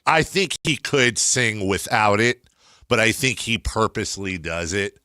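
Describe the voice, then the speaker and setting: An American man hosting a casual sports talk radio show in a studio, talking in animated, rambling asides. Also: lowish voice, unhurried, dry recording. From United States.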